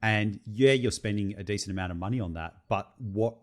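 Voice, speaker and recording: A man's voice: on the low side, a little fast. A young adult man, co-hosting a casual podcast chat and laughing often as he tells stories. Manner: animated, laughs often while telling jokes. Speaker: podcast co-host.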